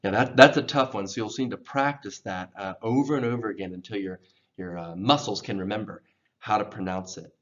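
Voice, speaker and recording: A man teaching English pronunciation, patiently repeating words slowly for learners to copy. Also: on the low side, a bit bright, dull audio. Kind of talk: pronunciation lesson.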